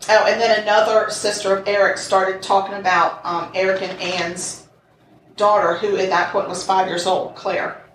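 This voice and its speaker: A woman's voice: mid-range voice, flat delivery, normal speed, a bit bright. A woman co-hosting a podcast, telling a true crime story in casual chat, reading quotes aloud with sarcastic asides. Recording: echoey room, mic at a distance, faint noise.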